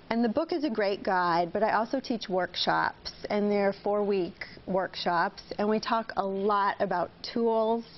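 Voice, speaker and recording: A woman guest on a TV talk show, explaining parenting techniques in an upbeat way. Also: medium pitch. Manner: upbeat, explains with acted example phrases. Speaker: parenting workshop instructor. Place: TV studio. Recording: slightly dull TV audio with faint hiss.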